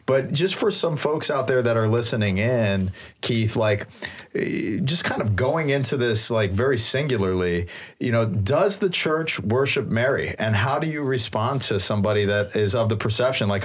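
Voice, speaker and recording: A man co-hosting a talk show, asking questions in a halting way with many fillers. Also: medium pitch, lively intonation, husky. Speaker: co-host. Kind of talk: casual talk show discussion.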